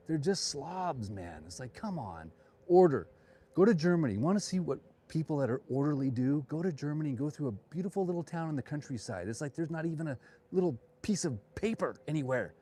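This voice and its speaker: A man's voice: fairly high pitch, animated, brisk, warm tone. A man, a realtor, chatting and joking in opinionated asides while walking outdoors through town streets on a live vlog tour, filmed on a handheld phone.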